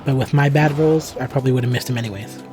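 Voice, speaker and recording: A man's voice: mid-range voice, steady tone, quick pace, heavy background noise. A man giving casual, joking commentary while playing a video game, easily surprised. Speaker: gaming streamer. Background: game music and sound.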